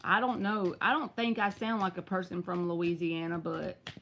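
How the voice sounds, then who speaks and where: A woman's voice: fairly low pitch, fairly even intonation, normal speed, a bit bright, a little hiss or hum. A woman with a Southern US accent reads tarot cards live. She talks in a chatty, direct way and answers viewers by name. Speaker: tarot reader. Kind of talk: live-stream tarot reading.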